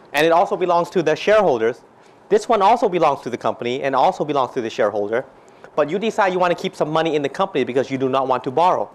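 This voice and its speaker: Man lecturing a class. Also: a little high. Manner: questions students constantly, mixes Thai phrases, jokey. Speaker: finance lecturer.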